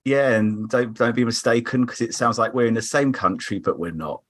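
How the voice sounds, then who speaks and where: Young Croydon-accented man, podcast guest, chatty and quick, mid-range voice. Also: medium pitch, a bit bright. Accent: South London (Croydon). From England. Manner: chatty, quick, laughs easily. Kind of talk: casual chat over a remote call.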